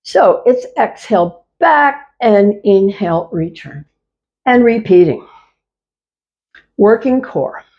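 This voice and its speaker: A woman leading a chair yoga class, giving calm, repetitive cues to move slowly and breathe. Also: mid-range voice, lo-fi sound. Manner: slow, calm, repetitive cueing. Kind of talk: guided exercise class instruction.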